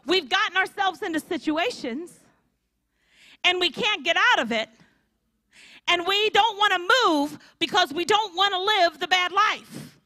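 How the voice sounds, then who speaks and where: A woman preaches at a women's conference, and her voice sits high and swings widely in pitch. Her tone is bright, and she acts out the people in her stories. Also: a little slow, dry recording. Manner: animated storytelling with acted-out voices. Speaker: conference speaker. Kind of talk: sermon.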